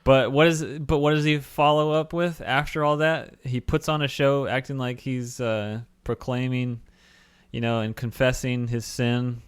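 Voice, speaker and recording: A man's voice: mid-range voice, fairly even intonation, measured pace, smooth, dry recording, studio quality. A man co-hosting a casual film-review podcast, rambling with fillers and laughing often. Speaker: podcast co-host.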